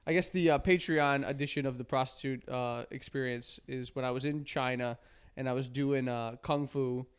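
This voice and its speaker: A man's voice: mid-range voice, steady tone, moderate pace, clean tone. Rambling, swearing male storyteller. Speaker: podcast co-host. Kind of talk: casual comedic chat.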